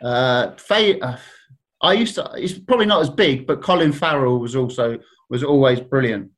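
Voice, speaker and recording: A man's voice: medium pitch, normal speed. A man telling a rambling, self-deprecating story in casual chat, laughing often. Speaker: guest telling stories.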